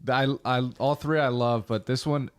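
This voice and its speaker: A man hosting a podcast in casual chat, talking in a halting, loose way full of fillers. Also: mid-range voice, steady tone, smooth. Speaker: podcast host.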